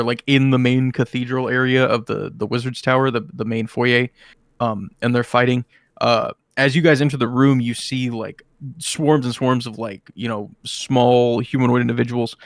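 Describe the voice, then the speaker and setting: A man's voice: mid-range voice, level tone, moderate pace, dry recording, studio quality. A man narrating as game master of a tabletop game, rambling with many fillers and restarts.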